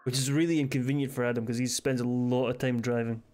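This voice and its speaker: A man's voice: medium pitch, level tone, quick pace, a little mellow, soft background music. A Scottish man streaming a game live, joking crudely and reading game text aloud hesitantly. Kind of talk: casual live-stream commentary.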